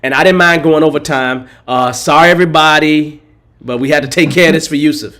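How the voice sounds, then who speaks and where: A man hosting a live show, coaching a guest in a friendly, encouraging way while going hoarse and clearing his throat. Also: on the high side, brisk, fairly bright tone. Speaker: host and agile coach. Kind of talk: casual live show chat.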